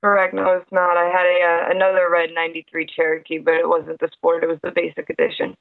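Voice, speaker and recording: New york lady on a tinny skype call, flat kinda high voice, friendly chat. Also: quick pace, gravelly, no echo. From Hudson Valley, New York. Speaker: interview guest. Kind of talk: casual interview on a call. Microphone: video call. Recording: tinny internet call audio.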